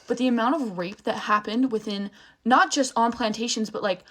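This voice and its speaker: A young woman and social media creator rants angrily to the camera in a voice on the high side, a bit bright, at normal speed. She swears often and speaks emphatically, restarting and breaking off mid-sentence as she gets upset.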